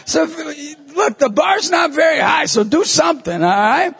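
A middle-aged man from New York State, a lay minister giving a jokey, animated talk to a live audience and acting out voices as he goes. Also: very high voice, measured pace, gravelly, shouting. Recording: long hall reverb.

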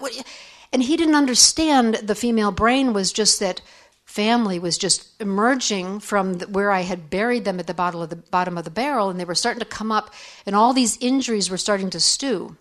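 A middle-aged woman giving a candid, reflective talk on faith and forgiveness to other women, sharing stories. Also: mid-range voice. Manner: candid, conversational, acts out quoted voices.

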